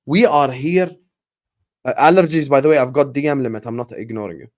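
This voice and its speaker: A man hosting a casual football fan livestream, ranting passionately and giving shout-outs to viewers, often repeating and restarting words as he gets worked up. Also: mid-range voice, brisk. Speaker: football fan channel host.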